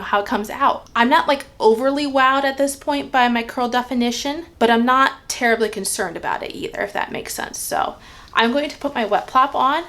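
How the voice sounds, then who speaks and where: A woman's voice: on the high side, fairly bright tone. A woman chatting casually as she tries a hair gel on camera, thinking aloud with lots of fillers while she styles her hair. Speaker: hair care vlogger. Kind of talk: casual tutorial chat.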